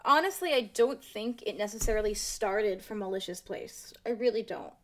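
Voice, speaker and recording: A woman's voice: mid-range voice, expressive, moderate pace, a bit bright. A young woman vlogging, speaking candidly and with emphasis, firm in her opinions as she talks to her viewers. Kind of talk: casual commentary to camera.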